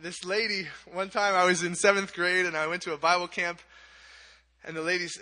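A man's voice: high-pitched, little pitch movement, brisk, bright, forceful tone. A young man in his twenties who grew up in Kenya, giving a chatty, self-deprecating camp sermon with prayer and stories, often restarting his phrases. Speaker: camp speaker. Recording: long hall reverb.

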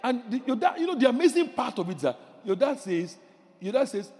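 A male pastor preaching a sermon, animated, shouting decrees and acting out little voices of the people he describes. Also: very high-pitched, brisk, big-room sound.

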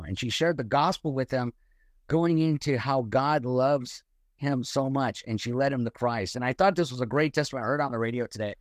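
Male co-host, middle pitch, animated storyteller, earnest, dry recording. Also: normal speed, no echo. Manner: warm storyteller, animated retelling. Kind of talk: casual faith discussion from a live stream.

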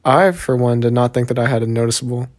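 A young Texan man with a Southern accent talks straight to his viewers in a relaxed vlog. His voice sits at an average pitch, and his talk is loose and unhurried, packed with fillers and casual swearing. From Texas. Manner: laid-back, heavy swearing, many fillers. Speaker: vlogger.

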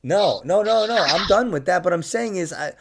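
A man's voice: sits high, animated, moderate pace, vocal fry. A young man, a comedian and podcast host, telling stories in a casual chat, laughing often and slipping into mock voices.

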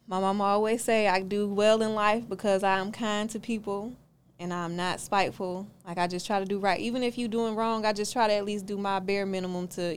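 A woman's voice: medium pitch, a little hiss or hum. A young woman, a podcast guest, telling a story in a casual interview and acting out both sides of it. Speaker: podcast guest, car rental owner.

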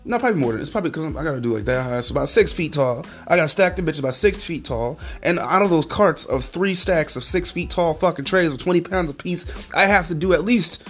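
A man's voice: fairly high pitch, lively intonation, fast, few pauses, fairly bright tone, faint music behind. A man hosting a solo podcast, ranting in a heated, profane, rambling way. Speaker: podcast host.

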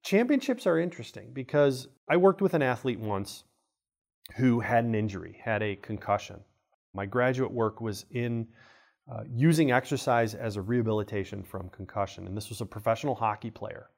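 A man, a kinesiology professor, explaining ideas in a relaxed podcast conversation and acting out the people in his stories. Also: mid-range voice, normal speed, creaky. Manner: animated storyteller, acts out quoted voices. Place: college podcast studio.

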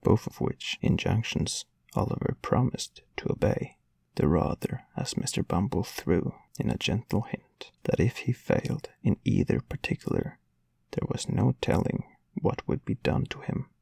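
Male narrator for a classic novel, husky and gravelly, measured and unhurried delivery. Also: on the low side, expressive, darkish tone, no echo. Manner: measured storytelling reading. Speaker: audiobook narrator.

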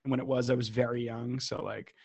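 A man with a slightly husky voice chats on a podcast, mostly adding short, dry remarks. His pitch sits in the middle range. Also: level tone, quick pace, a little mellow. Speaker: podcast co-host. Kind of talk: casual podcast chat.

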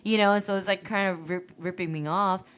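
Casual woman telling animated stories. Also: medium pitch, fairly quick. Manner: animated storytelling with swearing and laughs. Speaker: podcast guest. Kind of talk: casual chat.

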